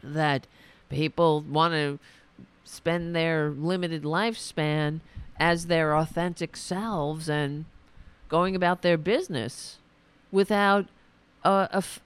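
A woman with a low, gravelly voice, taking her time as she scolds and rants about politics. She sounds indignant and a little hoarse, as if her voice is wearing out. Her words come out slow and deliberate. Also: no room sound. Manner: indignant, scolding, swears, talks to her dog aside. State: losing her voice. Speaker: podcast host. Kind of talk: ranting political commentary.

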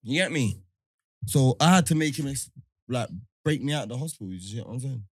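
A young man, telling a story in casual chat, animated and laughing often. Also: mid-range voice, brisk, husky, no room sound.

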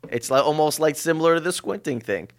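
A man's voice: a little high, lively intonation, fast. A man co-hosting a podcast, rambling loosely with lots of "like" in casual banter. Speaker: co-host.

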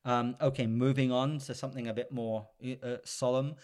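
A man of ordinary pitch chats eagerly on a podcast, retelling favorite movie scenes. He drops into the characters' lines now and then, full of enthusiasm. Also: flat delivery, moderate pace, darkish tone. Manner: enthusiastic, acts out film lines in quotes. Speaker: podcast co-host. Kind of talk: casual chat.

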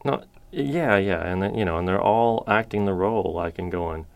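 Deep gravelly man, rambling podcast chat. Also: moderate pace. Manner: rambling storyteller, crude joking, many fillers. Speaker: podcast co-host. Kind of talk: casual chat.

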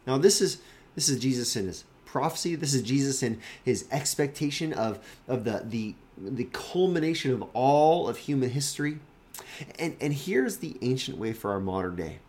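A man's voice: mid-range voice, expressive, normal speed, darkish tone. A man, a pastor, giving a daily devotional Bible teaching in an earnest, emphatic, conversational way.

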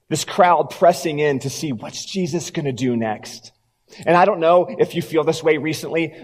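A pastor preaching a sermon, telling the story and dropping low and quiet for emphasis. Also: male voice, long reverb tail.

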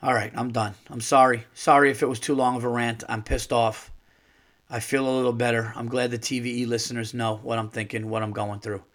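A man's voice: mid-range voice, a bit bright. A middle-aged man hosting a podcast alone, ranting angrily with lots of swearing and acting out conversations. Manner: angry ranting, swearing, acts out dialogue. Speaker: podcast host. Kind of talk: solo podcast rant.

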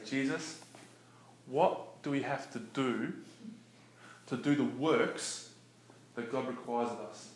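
A man giving a casual, animated teaching talk about faith, conversational and laughing often. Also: medium pitch. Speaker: preacher. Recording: echoey room with faint noise.

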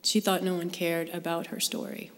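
A woman's voice: on the low side, level tone, moderate pace. A woman sharing a personal faith story with a live group, in an earnest, conversational way. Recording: long hall reverb.

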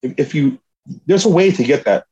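A man's voice: on the high side, lively intonation, a little fast, warm tone, husky. A man, a jiu-jitsu athlete, telling a story in an earnest, rambling, motivational way. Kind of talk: casual storytelling. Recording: dull lo-fi recording.

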